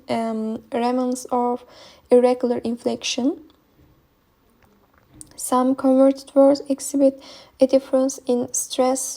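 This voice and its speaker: Reading aloud a linguistics presentation, a young non-native speaker with a Turkish accent has a high-pitched, mellow voice. Her delivery falters often, filled with ums and uhs.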